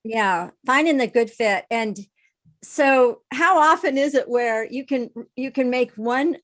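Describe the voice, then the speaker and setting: A woman's voice: sits high, slow, a bit bright. A woman hosting a podcast interview, eagerly jumping in with follow-up remarks and questions about counseling. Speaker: podcast host and therapist.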